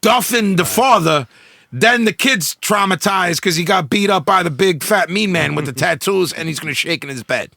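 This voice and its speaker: A man's voice: high-pitched, moderate pace, creaky, few pauses, sharp tone, no echo, clean studio sound. A man hosting a podcast, brash and joking in casual, profane banter. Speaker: podcast host.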